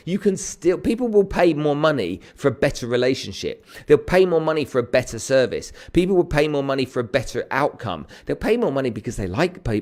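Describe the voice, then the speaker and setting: Guy, middle aged, chatty sales coach on a livestream, lively, mid pitch. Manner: energetic, chatty, greets viewers by name. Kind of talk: live-streamed coaching talk.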